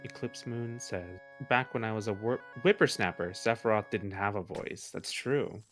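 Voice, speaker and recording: A man's voice: lowish voice, moderate pace, fairly bright tone, faint music behind. A man co-hosting a live stream, playfully reading chat messages aloud and laughing often.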